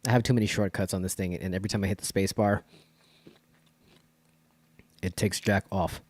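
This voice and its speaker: A man's voice: deep voice, steady tone, fairly quick, rough recording. A man co-hosting a podcast, trading wry, profane banter in casual chat. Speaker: podcast co-host.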